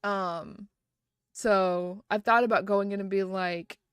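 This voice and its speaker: A woman chatting casually on a live stream from a close desk mic at home. Her voice sits at a middle pitch and sounds dry and close, with no room around it. She rambles happily with lots of "like" and "um" and breaks into frequent giggles. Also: steady tone, slow pace, clear, resonant tone, no echo.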